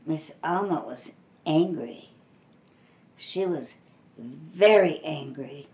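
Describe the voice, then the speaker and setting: An older woman reading a children's storybook aloud in a slow, expressive way, giving voices to the dialogue. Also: on the low side. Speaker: storybook reader.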